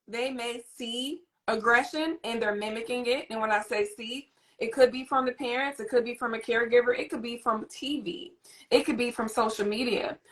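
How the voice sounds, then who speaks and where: A woman hosting a parenting talk, explaining in a lively, teacherly way and addressing the audience directly. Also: on the high side. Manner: animated, teacherly, demonstrates a soothing voice. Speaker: host and parenting coach. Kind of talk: live interview chat.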